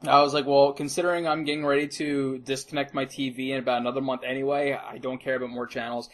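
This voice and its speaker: A man's voice: medium pitch, flat delivery, fast talker. A young American man co-hosting a podcast, telling an exasperated story with a lot of swearing and acting out both sides of the conversation. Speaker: podcast co-host. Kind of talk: casual profane storytelling.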